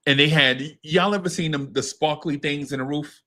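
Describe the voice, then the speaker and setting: A man with a slightly high voice talks at a normal pace as he hosts a podcast. He tells a story in loose, slangy chat, swearing and animatedly acting out what people said.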